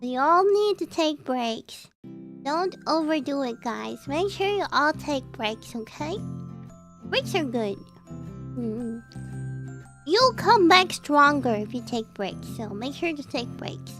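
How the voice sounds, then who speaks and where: Over game background music, a VTuber streamer reads a visual novel aloud and chats with her viewers. Her high voice swings widely in pitch and moves slowly, and she's bubbly and giggly, full of cutesy, playful exclamations.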